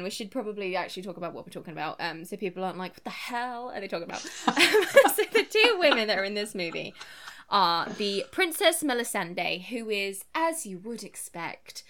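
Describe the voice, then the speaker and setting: Woman podcast co-host, bright crisp tone, lively and casual, mimics film characters as she goes. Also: mid-range voice. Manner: animated, quick asides, mock-quotes characters; swears casually. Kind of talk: casual film review chat.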